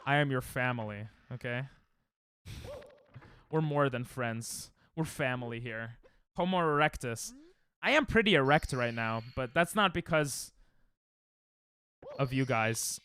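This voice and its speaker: A man's voice: mid-range voice, bright, forceful tone, slight background noise. A young man streaming a game live at home into a desk mic, joking crudely and sarcastically with chat and snapping at the game in frustrated outbursts.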